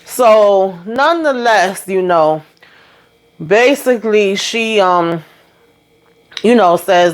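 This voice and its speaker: A woman hosting a casual TV episode recap, retelling scenes in lively quoted voices with frequent asides, while coming down with a cold. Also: lowish voice, takes it slowly, clean tone. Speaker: TV recap host.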